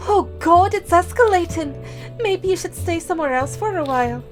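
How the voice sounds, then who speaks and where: A woman voicing a lively, confident young female friend in a game, talking in a chatty, upbeat way. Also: very high-pitched, normal speed, soft background music, voice pushed up. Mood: worried. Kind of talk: reading game dialogue aloud.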